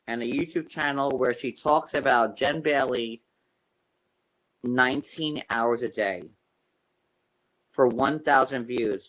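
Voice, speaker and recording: A man's voice: medium pitch, fairly bright tone, rough recording. Scornful middle-aged man, dismissive. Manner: scornful, dismissive, rhetorical questions. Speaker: YouTuber in an archived live stream. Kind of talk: dismissive live-stream rant.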